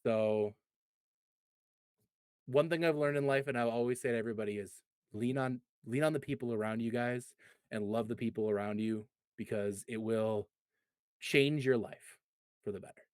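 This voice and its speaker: A man in his thirties speaking earnestly and reflectively in a casual podcast chat, pausing and restarting his sentences often. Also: medium pitch, smooth, no echo, studio quality. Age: 30s.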